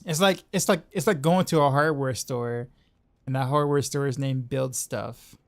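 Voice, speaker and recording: A man's voice: medium pitch, steady tone, normal speed. Laughing man streamer. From Southeastern United States. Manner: chatty, laughs often, repeats words. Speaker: game streamer. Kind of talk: casual chat while gaming.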